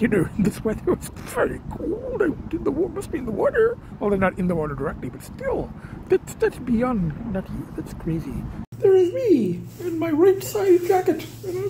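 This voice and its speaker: A man's voice: extremely high pitch, dark tone, slight background noise. A man vlogging casually as he goes about his day, talking in a rambling way with lots of fillers and restarts, often chuckling. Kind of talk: casual vlog commentary. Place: outdoors and around town, restaurant patio, store.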